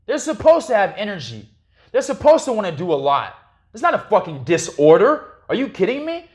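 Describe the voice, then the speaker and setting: A man with a high voice sits in on a casual podcast as a guest. He tells his story with animation and plenty of profanity. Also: huge pitch swings, fairly quick.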